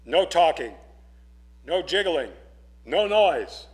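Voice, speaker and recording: A man voicing a gruff, lonely woodcarver who answers curtly and dismissively. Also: fairly high pitch, big pitch swings, unhurried, fairly bright tone, exaggerated voice.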